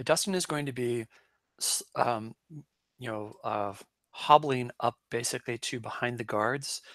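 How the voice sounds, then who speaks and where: A man's voice: medium pitch, a bit bright. A man playing a tabletop game, thinking aloud in an unsure way about his character's plan. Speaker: player. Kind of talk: casual game talk.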